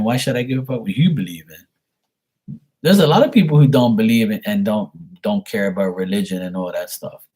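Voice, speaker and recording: A man's voice: lowish voice, a little mellow. A man hosting a psychic livestream, talking bluntly and rambling, with plenty of swearing. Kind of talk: casual livestream talk.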